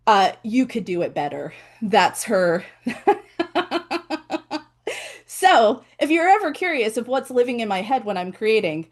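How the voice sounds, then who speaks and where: A woman author hosting her own book launch over a video call, chatty and animated, with playful asides. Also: medium pitch. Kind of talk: casual live presentation.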